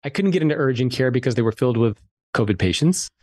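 Guy on a podcast telling his story, candid and animated, cusses a bit, average pitch, dry close mic. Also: fast, no echo. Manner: candid, animated, swears freely. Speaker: author and podcast guest. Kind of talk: casual storytelling interview.

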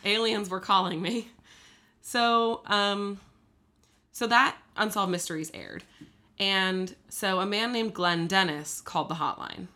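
A woman co-hosting a podcast, telling a story in casual chat, animated and full of fillers. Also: mid-range voice, unhurried. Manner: chatty, animated, many fillers and laughs.

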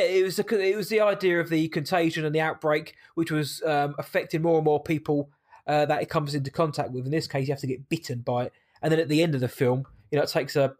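A man with a fairly high voice talks through a movie in an easygoing podcast chat. He is animated and emphatic, with a quick laugh. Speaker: podcast co-host. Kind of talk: casual movie-review chat.

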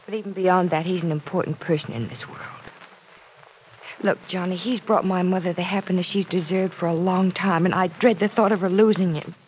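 An earnest young woman with worry in her voice, played by an actress in a vintage radio drama. The delivery is heartfelt and clear, with a faint hiss under the old broadcast. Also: fairly low pitch, steady tone, brisk, darkish tone, lightly acted, poor audio. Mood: anxious. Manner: anxious, earnest, playful at times. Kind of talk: 1940s radio drama acting.

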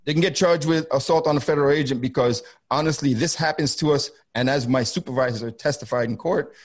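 A middle-aged man, a former federal border agent, telling a gripping first-hand story on a video call in an intense, halting way that keeps circling back and repeating itself. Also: on the high side.

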